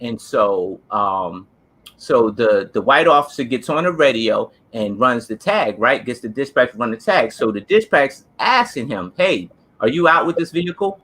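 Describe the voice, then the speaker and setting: A man tells a story in a casual, earnest, emphatic way. His voice is bright and forceful at a middle pitch. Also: lively intonation, a little slow. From New Jersey. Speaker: co-host, former police officer.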